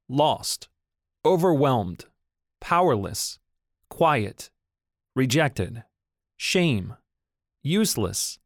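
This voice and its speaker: A reader slowly working through a list of feeling words from a recovery workbook, each word set apart by a pause. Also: medium pitch, creaky, no room sound, clean studio sound. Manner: measured, list-like delivery with pauses between words. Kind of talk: slow scripted reading of a word list.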